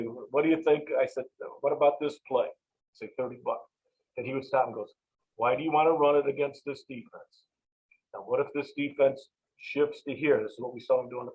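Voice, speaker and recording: This medium-pitched male voice belongs to a veteran football coach spinning stories during an interview. He performs the quoted back-and-forths with lively energy, though the recording has its highs cut off.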